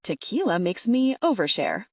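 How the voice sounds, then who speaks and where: A woman voicing a shy, gentle young wife who speaks softly and hesitantly. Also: mid-range voice, very animated, normal speed. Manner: soft, hesitant.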